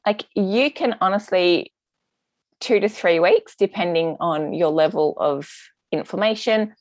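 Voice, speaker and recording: A woman's voice: lowish voice, measured pace, dry recording. A woman, a gut health practitioner explaining things in a chatty interview with lots of fillers. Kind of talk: casual interview answers.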